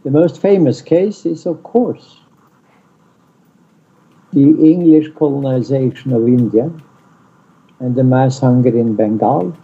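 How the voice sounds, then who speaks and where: A man lecturing in an online seminar, deliberate and blunt, stressing single words, over muffled call audio. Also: mid-range voice, warm tone, slightly rough. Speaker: lecturer on peace studies. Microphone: video call.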